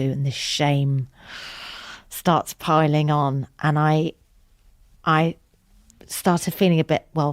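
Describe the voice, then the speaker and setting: A woman speaks low and frankly as a podcast guest, pouring out a personal story with raw emotion and casual swearing. Her voice is close and dry on a studio mic, with no room sound around it. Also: no echo. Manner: frank and emotional, swears freely, quick restarts.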